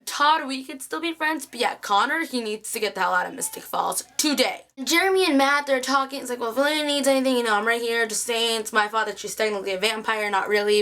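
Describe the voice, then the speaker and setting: A young woman chatting excitedly through a TV episode recap, acting out the characters' lines. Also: on the high side. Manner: chatty, excitable, acts out quotes. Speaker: TV recap vlogger.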